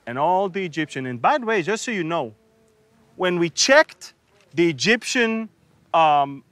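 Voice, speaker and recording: A man's voice: on the high side, big pitch swings, unhurried, fairly bright tone, no echo. A man, teaching a humorous Bible sermon and acting out the people in the story. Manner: humorous, acts out biblical figures with sarcasm and laughter.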